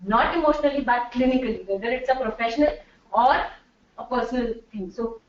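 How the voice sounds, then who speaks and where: A woman's voice: fairly high pitch, fairly quick, roomy sound. Lady trainer giving a workshop talk, laughs a lot, dull distant recording w/ faint room noise. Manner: chatty, mixes in Hindi, laughs often. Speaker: corporate trainer. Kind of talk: workshop talk to a live audience.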